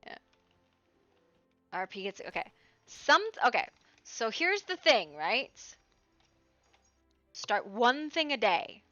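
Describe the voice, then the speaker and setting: A woman's voice: a little high, big pitch swings, takes it slowly, pauses often, pushed and bright, no echo. A woman streaming from home in casual, chatty talk, swearing freely and baby-talking to her dogs, heard over a dull lo-fi recording with faint music. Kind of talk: casual chat.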